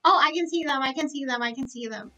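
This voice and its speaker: A woman live-streaming a game, chatting to viewers in an excitable, gushing way full of gasps and exclamations. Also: high voice, quick pace, far from the mic, lo-fi sound.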